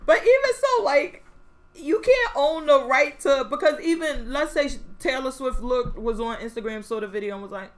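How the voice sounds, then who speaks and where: A young adult woman co-hosting a podcast in casual chat, animated, laughing often and acting out quotes. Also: high-pitched, moderate pace. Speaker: podcast co-host.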